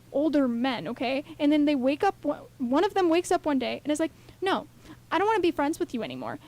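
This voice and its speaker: A young woman co-hosting a radio show, talking in an animated, rambling way full of fillers. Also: high-pitched. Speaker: radio co-host. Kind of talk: casual radio chat.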